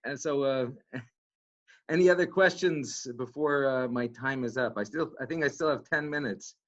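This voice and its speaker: A rabbi speaking in a casual, halting way with many restarts and fillers. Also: male voice, mid-range voice, fairly bright tone. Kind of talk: casual talk. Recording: dull lo-fi sound.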